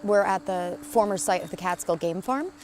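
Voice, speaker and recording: A woman's voice: mid-range voice, moderate pace, a little mellow, faint music behind. A woman, the site's owner, giving a plain and informative documentary interview with a wry edge. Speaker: new owner of the property.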